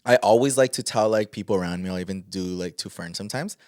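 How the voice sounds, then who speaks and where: A man's voice: lowish voice, quick pace, darkish tone, no room sound, studio quality. A man co-hosting a podcast in casual chat, rambling and searching for his words in a playful way. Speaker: podcast co-host.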